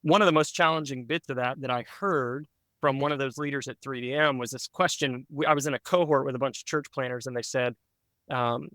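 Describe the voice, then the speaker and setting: Male pastor, podcast guest, mid pitch, smooth tone; earnest reflective storytelling with fillers. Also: quick pace, fairly bright tone, no room sound.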